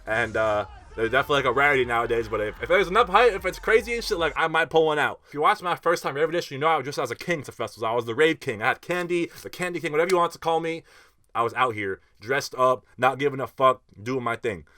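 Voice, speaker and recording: A young man telling a festival story in a casual vlog, animated and slangy, with lots of fillers and swearing. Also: mid-range voice, quick pace.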